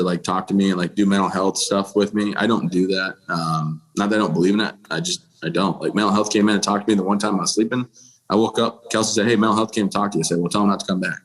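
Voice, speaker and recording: Blunt, plainspoken American man, low-voiced. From United States. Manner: blunt and plainspoken, with frequent restarts and fillers. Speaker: podcast guest. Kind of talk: candid personal storytelling in a conversation.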